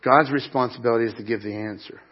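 A man's voice: mid-range voice, fairly even intonation, fast, muffled recording. A middle-aged man preaching a sermon at a church service, earnest and emphatic, with repeated phrases. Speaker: pastor.

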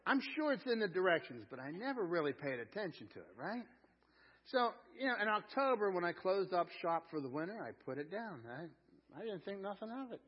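A man's voice: high voice, sing-song, brisk, slightly rough. A man preaching a sermon as pastor, telling homely stories in an emphatic, colloquial way. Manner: folksy storytelling, emphatic, colloquial. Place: church sanctuary. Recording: dull lo-fi sound with long hall reverb.

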